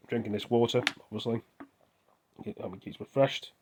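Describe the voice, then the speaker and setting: A man's voice: medium pitch, fairly even intonation, normal speed, noisy background. An English man rambling to camera on a phone, hopping from one topic to the next. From England. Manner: rambling, hops between topics. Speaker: vlogger. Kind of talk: casual monologue to camera.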